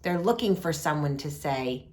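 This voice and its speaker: A woman hosting a reflective talk on compassion, speaking softly and deliberately with gentle pauses. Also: sits low, animated. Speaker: host.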